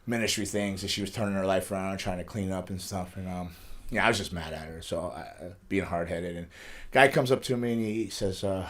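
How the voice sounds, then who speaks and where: A middle-aged wrestler speaks a little fast in a low, somewhat bright voice. As a guest in a casual studio interview, he rambles through stories of his life and laughs as he tells them.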